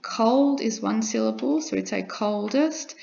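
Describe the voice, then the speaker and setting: Gravelly-voiced woman teaching grammar. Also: on the high side, expressive, measured pace, mellow, slight background noise. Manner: patient, repeats examples, frequent "okay" checks. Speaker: English teacher. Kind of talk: grammar lesson to students. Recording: dull lo-fi recording.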